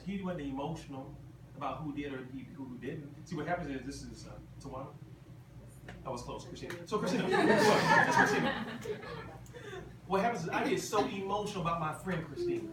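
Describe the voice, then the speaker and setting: A man giving a motivational convention talk, emphatic and repetitive, throwing questions at the crowd. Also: fairly high pitch. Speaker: motivational speaker. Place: large convention hall. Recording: echoey hall from far off, ambient noise.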